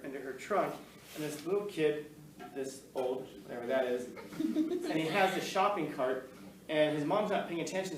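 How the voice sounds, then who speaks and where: A man's voice: on the high side, recorded from a distance. A man giving a casual talk to an audience, telling stories in a rambling, conversational way with frequent laughs and restarts. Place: room with an audience, recorded on camera. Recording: echoey room, voice from off-mic, faint ambience.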